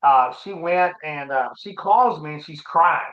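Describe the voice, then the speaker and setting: A middle-aged man as an interview guest, telling his personal story in a halting, reflective, earnest way. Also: a little high, a bit bright. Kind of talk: casual conversation, personal story. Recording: roomy, dull lo-fi sound.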